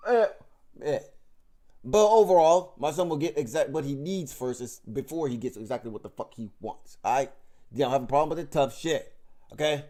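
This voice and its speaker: A vlog host rants about politics, emphatic and mocking, swearing heavily and rambling with frequent restarts and fillers. His voice is fairly high with lively intonation and a dark tone, at a normal speed.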